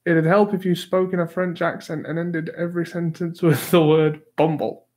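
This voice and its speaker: Guy doing a chill livestream hangout, bit higher voice, laughs at his own answers, reads chat out loud. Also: little pitch movement, moderate pace. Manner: reads chat questions aloud, chuckles, easygoing and self-deprecating. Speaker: livestream host. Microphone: new desktop microphone.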